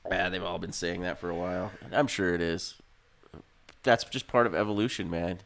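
A man's voice: low-pitched, fairly even intonation, brisk, vocal fry, a bit bright, slight background noise. A man joking around in casual banter with friends on a podcast, laid-back. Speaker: podcast co-host.

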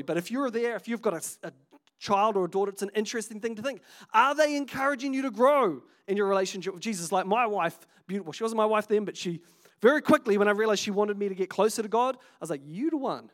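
A man with a New Zealand accent preaches a sermon in a lively, chatty way. He is a pastor in his thirties who jokes, laughs and goes off on asides. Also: high-pitched.

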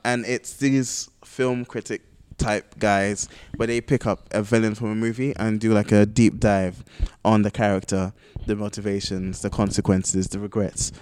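A man co-hosting a podcast in casual chat, lively and joking, often laughing at himself. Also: on the low side, slight background noise. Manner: animated, jokey, quick to laugh. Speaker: podcast co-host.

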